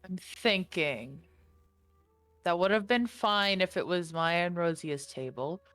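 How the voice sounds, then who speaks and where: A woman running a tabletop game as game master, slow and swearing with laughing banter. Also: fairly low pitch, fairly bright tone, no room sound, soft background music.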